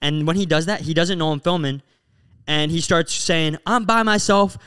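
A man's voice: on the high side, moderate pace, clean tone. A young man, a podcast co-host, telling a story in casual chat and acting out what people said. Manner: animated, acts out quotes while telling a story.

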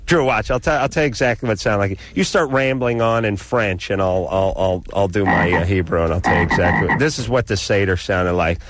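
A man's voice: lowish voice, fairly quick, few pauses, no room sound. A man co-hosting a talk radio show, telling a comic story in a sarcastic, ranting way. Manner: sarcastic, ranting, animated delivery. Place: radio studio.

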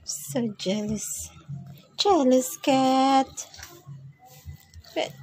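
A woman's voice: high voice, animated, drawn-out words, darkish tone, faint music behind. A woman vlogging as she walks around her home, chatting to the camera and cooing at her pets. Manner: coos and baby-talks to pets. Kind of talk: casual vlog narration.

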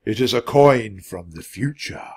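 Man reading a calm wise emperor, measured delivery, storybook voice. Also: medium pitch, breathy edge. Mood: dignified. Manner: measured, dignified speech.

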